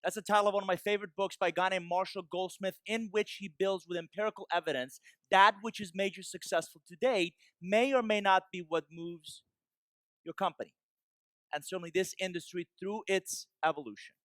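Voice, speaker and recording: A man from Iran giving a measured, emphatic conference keynote, pausing between points. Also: high-pitched, fairly even intonation, fairly bright tone, no room sound. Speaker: keynote speaker. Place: conference hall stage.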